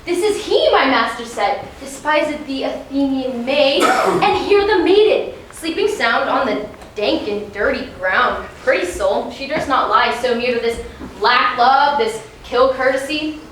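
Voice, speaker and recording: A woman playing a mischievous fairy sprite on a live stage, with a bright, excited delivery that leaps in pitch. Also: measured pace. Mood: sly. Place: theater stage. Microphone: far camera in the audience. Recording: echoey theater from far off, background noise.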